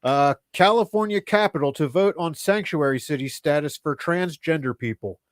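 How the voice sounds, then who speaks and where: Deadpan middle-aged podcast comedian. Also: male voice, fairly high pitch, normal speed, no echo, clean studio sound. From Philadelphia area. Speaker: podcast co-host. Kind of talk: casual comedy podcast chat.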